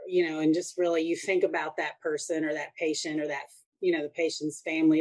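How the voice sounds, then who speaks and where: A woman with a somewhat low voice hosts a casual chat with a fellow nurse. Her questions ramble, with many fillers along the way. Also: a little mellow. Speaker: nurse and podcast interviewer. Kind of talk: casual interview.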